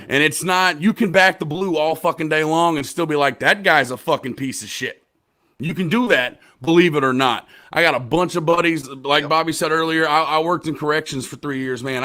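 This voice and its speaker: A man hosting a casual podcast discussion, talking with profanity and rising into passionate rants between quieter stretches. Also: fairly quick. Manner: profane, impassioned, swings from low mumbles to loud rants. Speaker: podcast host.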